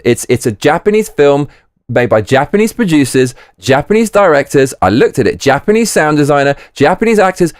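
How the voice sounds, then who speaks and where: A man's voice: a little high, dry recording, studio quality. Blunt, profane man reviewing a film. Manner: blunt, profane and emphatic, repeats himself. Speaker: movie reviewer. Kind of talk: casual spoken film review. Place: living in Japan.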